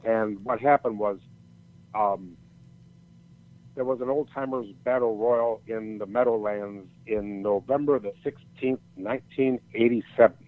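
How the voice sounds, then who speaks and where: A man's voice: lowish voice, fairly even intonation, a little slow. An older man telling a long, rambling story in casual chat, swearing freely and often restarting his sentences. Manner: rambling, profane, many restarts. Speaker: storyteller guest. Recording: tinny phone-like audio.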